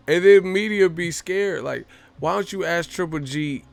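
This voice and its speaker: A man ranting casually to camera about boxing, animated and profane, with mocking, incredulous jabs. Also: on the high side, moderate pace, creaky, dry recording. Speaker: boxing commentary vlogger.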